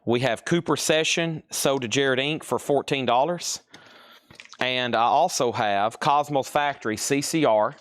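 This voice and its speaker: A man's voice: mid-range voice, fairly bright tone, dry recording. A man hosting a live online sale from a store, reading out records and prices and teasing buyers in a chatty way. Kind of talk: casual live-stream selling.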